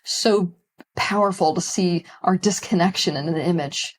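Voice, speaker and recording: A woman's voice: on the low side, normal speed. A woman talking as a guest on a podcast, speaking emphatically and with passion. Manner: emphatic, impassioned. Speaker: guest, spiritual teacher. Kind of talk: casual interview conversation.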